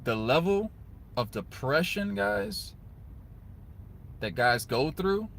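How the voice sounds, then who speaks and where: A young man, giving casual, earnest advice to other men, often turning to the listener with a quick "right?". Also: a little high, sing-song, vocal fry, a bit bright, a little hiss or hum. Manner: earnest, conversational, repeats "guys" and "right?". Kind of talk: casual motivational talk to camera.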